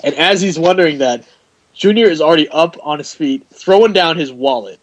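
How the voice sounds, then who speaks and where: On a rough recording, a man with a rather high voice talks a little fast as he hosts a podcast. He chats casually, tells stories with animation, acts out quotes, and laughs a lot.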